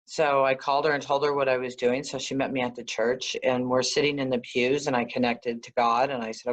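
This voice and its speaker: A woman guest, an energy healer, telling stories in a conversational interview, animated and often laughing. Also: rumbling low. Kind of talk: conversational storytelling.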